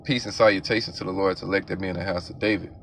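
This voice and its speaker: Very deep flat-voiced man giving a religious address. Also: very fast, a little hiss or hum. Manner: ceremonial, reciting honorifics. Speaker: religious speaker.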